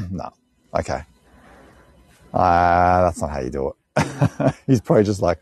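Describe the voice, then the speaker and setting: A man's voice: sits low, big pitch swings, unhurried, gravelly, long pauses, darkish tone, no echo. An Australian man chatting with live viewers on an outdoor walking tour, rambling, joking and laughing often. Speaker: live-stream tour guide. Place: outdoors on a bush walk.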